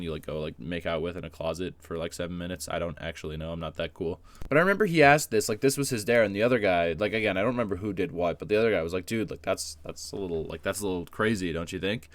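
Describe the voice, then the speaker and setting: A man's voice: deep voice, fairly bright tone, dry recording. A man telling a personal story in a casual vlog, rambling with lots of fillers and swearing, self-deprecating. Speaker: YouTuber.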